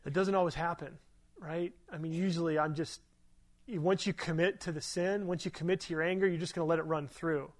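A man's voice: fairly high pitch, fairly even intonation, fairly quick. A middle-aged male pastor giving a sermon in a conversational, earnest storytelling way, often asking his listeners rhetorical questions.

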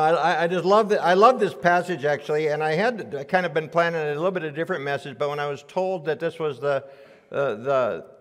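Folksy preacher in a reverberant church. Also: male voice, a little high. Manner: folksy storyteller, repeats words. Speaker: guest preacher. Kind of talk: sermon with a joke. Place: church sanctuary.

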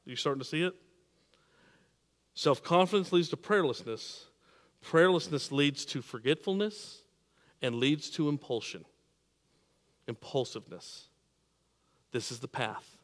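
Man, pastor, sermon, repeats and restarts words, emphatic swings, slightly high voice. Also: expressive, measured pace, pauses often, in a large hall. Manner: repeats words, restarts, rises to emphatic peaks and drops low.

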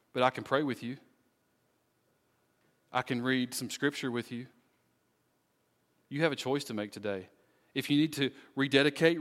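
A man preaching as pastor, closing his sermon with an earnest appeal and a slow, pleading prayer. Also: medium pitch, fairly bright tone, in a large hall. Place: church sanctuary.

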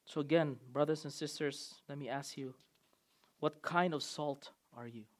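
High-voiced man preaching a sermon. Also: steady tone, moderate pace. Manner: emphatic preaching with sudden swings in loudness. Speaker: pastor.

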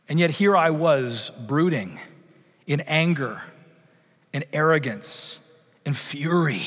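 A male pastor preaching a sermon, telling a personal story with animated, acted-out quotes. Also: a little high, slightly rough. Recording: long hall reverb.

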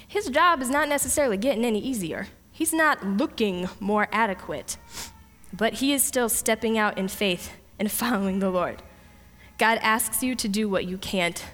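A woman preaching a lively sermon, retelling a story with playful voices for the characters. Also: mid-range voice. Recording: long hall reverb.

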